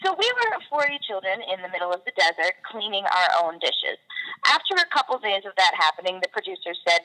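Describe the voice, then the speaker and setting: A woman's voice: mid-range voice, sing-song, brisk, bright, forceful tone, low-quality recording. A young woman from the Boston area, a guest actress, chatting candidly and laughing easily as she tells her stories. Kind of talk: casual interview chat.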